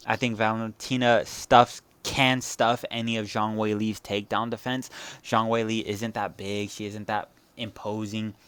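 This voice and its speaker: A man's voice: on the low side, a bit bright, smooth, dry recording. A young man giving casual, blunt fight predictions, swearing freely and repeating phrases as he rants. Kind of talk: casual solo commentary.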